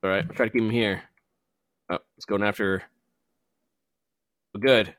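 A man's voice: fairly low pitch, a little slow, fairly bright tone, no room sound. A man chatting casually while streaming an online game, joking around and explaining how the game works. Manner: playful, jokey, explains game mechanics. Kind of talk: casual gaming chat.

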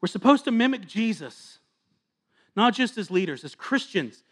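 Preaching as a pastor, a man in his thirties sits high in pitch and sounds very animated at a normal speed. His sermon is earnest and confessional, shifting from hushed asides to fervent appeals.

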